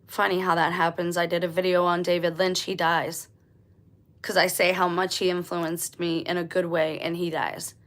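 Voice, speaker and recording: A woman's voice: on the low side, flat delivery, normal speed, fairly bright tone. A woman hosting her own channel, talking straight to her viewers in an insistent, conversational monologue and repeating her points for emphasis. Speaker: channel host. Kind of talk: conspiracy monologue to camera.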